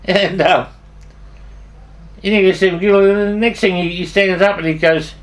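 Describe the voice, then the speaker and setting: Rambling through salty stories from years ago, an older man with an Australian accent swears freely and restarts sentences often. His voice is high-pitched with fairly even intonation, at normal speed.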